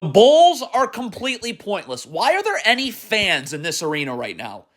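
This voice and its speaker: A man's voice: very high voice, pushed and bright. A man angrily breaking down basketball game film, alternating between furious rants and instructive coaching explanations. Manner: furious, ranting, exasperated. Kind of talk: angry film-study commentary.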